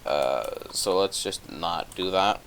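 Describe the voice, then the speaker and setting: A young man quoting a gruff grumpy male ogre in his own casual voice, blunt and dismissive. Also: low-pitched, slow, fairly bright tone, a little hiss or hum, heavily acted.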